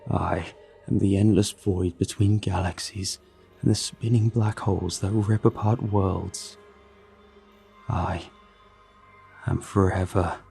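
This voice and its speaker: A man voicing a rotting, inhuman monster who speaks in a slow, menacing Texas drawl. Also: deep voice, fairly even intonation, gravelly, mellow, soft background music, full character voice. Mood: grandiose. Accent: Texas drawl, put on.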